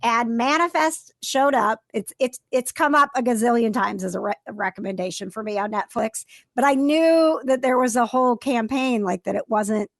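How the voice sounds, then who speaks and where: A woman's voice: a little high, normal speed, dry recording, clean studio sound. A woman hosting a podcast, talking in a chatty, upbeat way and laughing easily. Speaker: podcast host. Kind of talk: casual podcast chat.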